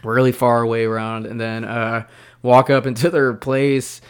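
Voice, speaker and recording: A man in his thirties co-hosting a podcast, telling a long rambling story in casual chat and quoting people in lively bursts. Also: medium pitch, normal speed, clear, resonant tone. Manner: rambling, animated when quoting others. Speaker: podcast co-host.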